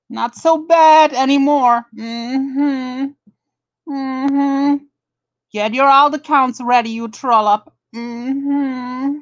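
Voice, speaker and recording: A woman's voice: high-pitched, steady tone, drawn-out words, no room sound, highs cut off. A woman with a German accent hosting a live drama commentary stream, greeting chatters and mocking rivals with lots of swearing. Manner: profane, mocking, greets viewers one by one.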